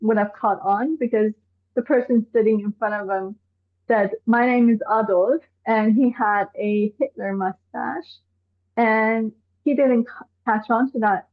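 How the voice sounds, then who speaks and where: A high-voiced woman from Iran speaks as a guest on a live show, sounding animated and exasperated as she poses one rhetorical question after another. Her voice comes over a thin, phone-like video call line. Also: unhurried. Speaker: activist guest. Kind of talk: live online discussion. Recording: tinny phone-like call audio.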